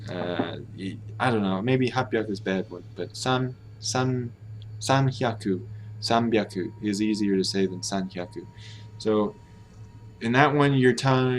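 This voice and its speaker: An American man talking through ideas on a casual live stream, hesitant and often correcting himself. His voice sits a little low for a man. A faint hum of noise runs under it. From United States. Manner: musing aloud, hesitant, self-correcting. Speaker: language-learning streamer.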